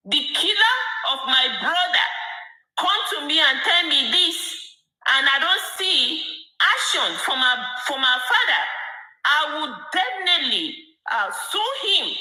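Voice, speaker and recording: A woman's voice: sits high, sing-song, measured pace, sharp tone, echoey room, poor audio. A woman commentator delivering a heated, emphatic late-night rant to her viewers, repeating herself for force. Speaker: online commentator.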